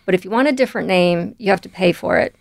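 A woman being interviewed, telling personal stories in a relaxed way and laughing easily. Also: fairly low pitch, fast talker, vocal fry, no room sound, clean studio sound. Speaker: guest, volunteer and coach. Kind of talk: conversational interview.

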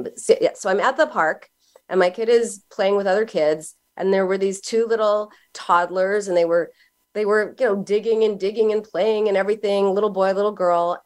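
A middle-aged woman speaks as an interview guest in a mid-range voice. She tells stories in an animated way, laughing as she goes. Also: medium pitch. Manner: animated storyteller, acts out quoted voices with a laugh. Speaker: psychoanalyst guest. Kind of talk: casual interview talk.

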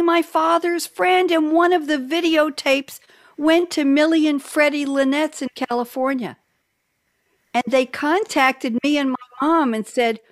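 Chatty woman radio host, fairly high voice. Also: no room sound, studio quality. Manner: emotional, storytelling, laughs often. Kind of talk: casual talk show chat.

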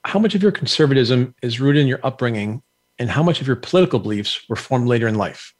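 A man's voice: mid-range voice, lively intonation, fast talker. A man hosting an interview, putting direct, prepared questions to his guest. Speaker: interview host.

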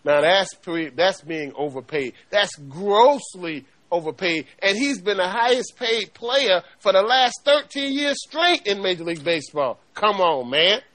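A man's voice: high-pitched, lively intonation, unhurried, hardly any pauses, fairly bright tone. A man with a Southern accent co-hosting a sports talk show, emphatic and folksy, calling everyone "man". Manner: emphatic, folksy, repeats 'man'. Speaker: co-host.

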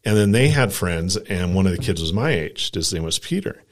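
A low-pitched man in his forties from Colorado shares a story on a casual podcast. He rambles from one detail to the next, filling it with "like" and quick impressions of what people said. His tone is relaxed and chatty. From Colorado, USA. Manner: rambling anecdote with lots of "like" and acted-out quotes. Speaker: podcast co-host.

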